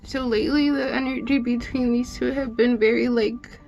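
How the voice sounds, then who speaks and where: A woman talks through a tarot reading in a loose, unscripted way. Her voice sits a little high and has a gravelly fry, and she swears freely while sounding openly emotional. Soft music plays in the background. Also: fairly even intonation, normal speed, muffled recording. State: teary at times. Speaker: tarot reader. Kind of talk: casual tarot reading monologue.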